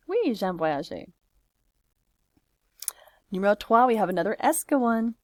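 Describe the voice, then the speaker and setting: A woman's voice: medium pitch, expressive, normal speed, long pauses, darkish tone, no room sound. A woman French teacher walking through a homework exercise step by step, talking it through aloud in a patient, chatty way. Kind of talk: screen-recorded homework walkthrough.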